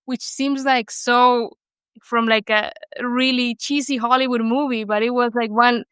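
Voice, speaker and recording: A woman's voice: fairly high pitch, fairly even intonation, measured pace, a bit bright, clean tone, dry recording. A young woman from Argentina with an Argentine Spanish accent, whose first language is Spanish, telling her story in an interview with lots of fillers and restarts. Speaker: guest. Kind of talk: conversational interview.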